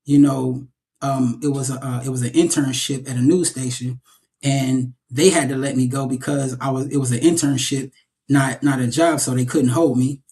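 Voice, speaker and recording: A young adult man, an actor, telling stories in a casual interview, animated and often repeating his words as he goes. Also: mid-range voice, normal speed, a little hiss or hum.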